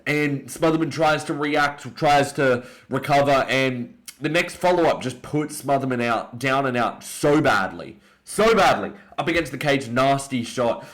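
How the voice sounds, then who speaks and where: Young Australian male, casual fight-breakdown commentator, excitable and blunt, medium pitch. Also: measured pace, few pauses. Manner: opinionated, excitable, jumps up in pitch on emphasis. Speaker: MMA commentator.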